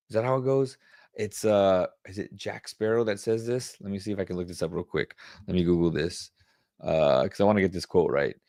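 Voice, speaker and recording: Low-voiced man coaching over a webcall. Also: fairly quick, gravelly, dark tone, dry recording, studio quality. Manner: conversational, thinks aloud while searching and sharing screen; firm and direct about standards. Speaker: leadership coach. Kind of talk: casual teaching Q&A.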